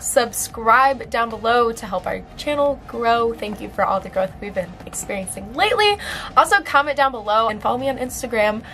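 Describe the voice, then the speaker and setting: A woman's voice: on the high side, a bit bright, low-quality recording. A young woman vlogging in a casual, chatty way, with plenty of filler words and laughs. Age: young adult. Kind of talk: casual chat.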